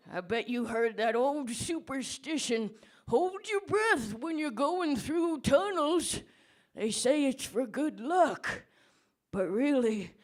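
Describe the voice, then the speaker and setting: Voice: high voice, fairly bright tone, heavily acted. A comedian doing a rambling senile old man. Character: senile, fearful old man ranting against tunnels. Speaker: comedy debater. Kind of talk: stand-up character debate. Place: pub stage before a live audience.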